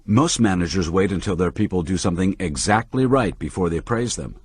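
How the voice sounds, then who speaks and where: A man reading the part of a calm, patient manager who explains ideas to a younger man with lively emphasis. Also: low voice, a little fast, breathy edge. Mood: patiently explaining. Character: calm middle-aged male manager, patient teacher.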